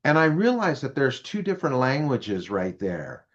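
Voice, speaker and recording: Man in his 50s, interview guest, lively storyteller, acts out quotes, mid-pitched, muffled lo-fi audio. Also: moderate pace. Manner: animated, acts out quoted voices. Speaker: guest, business speaker.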